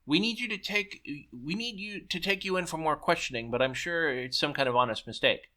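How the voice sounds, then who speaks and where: A man's voice: a little high, a little fast, sharp tone. A man voicing a stern, suspicious male officer in a story he reads aloud, questioning curtly.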